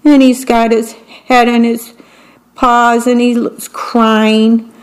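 A woman reads children's picture books aloud at an unhurried pace. Her voice sits a little high, and she pauses to talk about what is on each page. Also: rough recording. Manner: slow, expressive read-aloud with descriptions of the pictures. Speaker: storybook reader.

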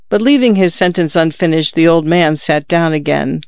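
Audiobook narrator, measured storytelling, smooth clear voice, dry slightly dull recording. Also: mid-range voice, dry recording. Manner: measured, descriptive reading.

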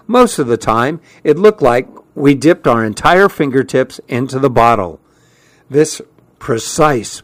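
Slow, measured male audiobook narrator. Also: medium pitch, no echo. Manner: calm, measured, unhurried. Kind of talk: scripted first-person story narration.

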